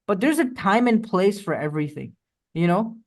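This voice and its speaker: A man's voice: high-pitched, expressive, normal speed. A young man, a streamer, in a casual podcast chat, ranting emphatically with lots of swearing. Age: young adult.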